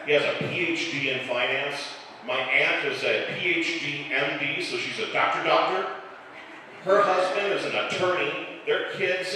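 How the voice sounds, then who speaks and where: A stand-up comedian in his forties from the Chicago area with a slightly softened Chicago accent, telling self-deprecating stories in a dry way with filler pauses. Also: on the high side, recorded from a distance, a little hiss or hum. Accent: Chicago, mostly softened. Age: 40s. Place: live comedy club stage. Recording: echoey club hall, mic heard from afar.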